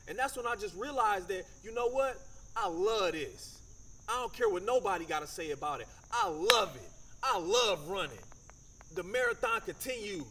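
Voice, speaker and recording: High-voiced man telling a motivational story. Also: sing-song, normal speed, gravelly, a bit bright, a little hiss or hum. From Michigan, USA. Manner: conversational, storytelling with acted quotes and slang. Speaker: motivational speaker.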